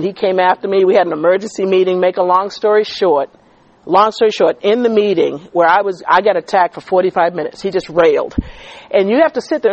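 Woman, teacher and coach, preacher cadence, animated delivery, dry close recording. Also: mid-range voice, dry recording, dull audio. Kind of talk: testimony-style church talk.

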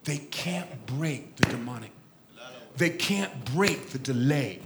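A man voicing God the Father as a calm, hushed, fatherly figure with a deep voice. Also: takes it slowly, background noise.

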